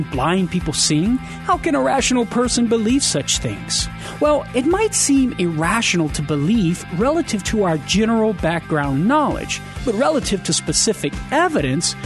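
Man reading a scripted radio spot, pretty high voice, swoops a lot, music playing under him. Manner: clear, measured, rhetorical questions. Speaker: apologetics radio spot presenter. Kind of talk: scripted explanatory radio segment.

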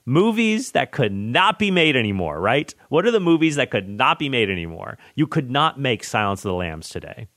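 A man hosting a podcast, chatting about movies in an enthusiastic, rambling way with excited tangents. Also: medium pitch, moderate pace, hardly any pauses, no room sound, studio quality. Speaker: podcast host. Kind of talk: casual movie chat.

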